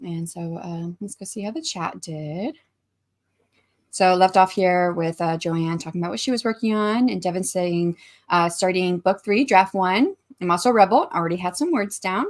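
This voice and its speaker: A woman in her forties hosts a casual writing livestream, chatting with viewers, greeting them by name and reading their messages aloud. Her voice is lowish and her speed normal.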